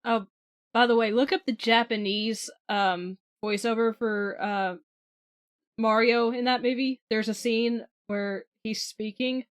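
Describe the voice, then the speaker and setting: A woman with a somewhat high voice co-hosts a gaming podcast. She chats in an animated, casual way with the other hosts. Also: measured pace, dry recording. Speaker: podcast co-host.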